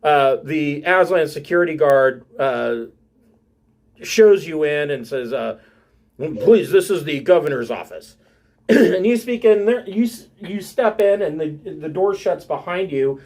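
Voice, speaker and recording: A man narrating a tabletop game as game master, halting and filling gaps with ums and uhs. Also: fairly high pitch, lively intonation, darkish tone.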